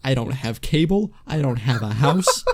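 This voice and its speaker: A man's voice: medium pitch, sing-song, normal speed, darkish tone. A young man hosting a podcast, telling stories in crude casual chat. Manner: crude, storytelling. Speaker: podcast host.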